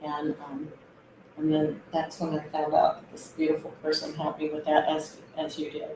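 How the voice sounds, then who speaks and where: A woman guest telling a personal story, hesitant and reflective, with many pauses and fillers. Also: low-pitched, monotone, noisy background. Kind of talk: personal testimony. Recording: roomy echo.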